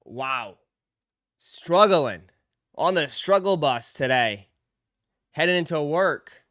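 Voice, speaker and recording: A man's voice: on the high side, animated, slow, fairly bright tone, no room sound, clean studio sound. A man hosting a sneaker live stream, chatting casually with viewers in a laid-back, teasing, slangy way.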